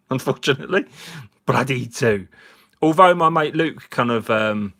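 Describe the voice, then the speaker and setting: A man with a mid-range, expressive voice and a sharp tone speaks a little slowly. While cleaning finds on a casual live chat, the slightly drunk host jokes around, chats and laughs frequently with his viewers.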